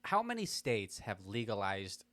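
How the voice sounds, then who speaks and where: A man's voice: on the low side, wildly swooping pitch, a little slow, fairly bright tone. A young man co-hosting a podcast, teasing and telling playful stories in casual banter. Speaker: podcast co-host.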